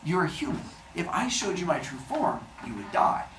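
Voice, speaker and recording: A man's voice: on the high side, huge pitch swings, moderate pace, a bit bright, slight background noise, pitched above the performer's own voice. Cocky god-king, blustering and swaggering, put on by a male teacher; echoey room, far mic. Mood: smug. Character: smug boastful king of the gods.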